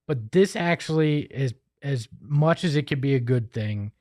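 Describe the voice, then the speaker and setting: Chatty sports co-host, dry sound. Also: male voice, medium pitch, expressive, unhurried, a little mellow, dry recording. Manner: self-deprecating, rambling with restarts. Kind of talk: casual sports chat.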